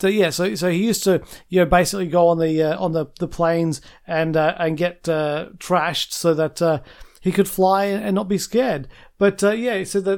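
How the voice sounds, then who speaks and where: Man, gravelly voice, casual chat, rambling, lots of restarts. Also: high-pitched. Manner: rambling, halting with many restarts. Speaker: co-host.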